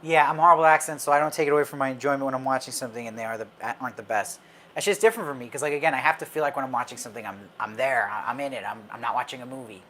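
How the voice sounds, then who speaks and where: A man's voice: medium pitch, very fast, fairly bright tone, a little hiss or hum. A man in a mid-range voice hosts a live fan chat about films. He talks casually and opinionatedly, answering viewers' comments as they come in. His delivery is loose, with plenty of fillers and restarts. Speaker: film commentator host.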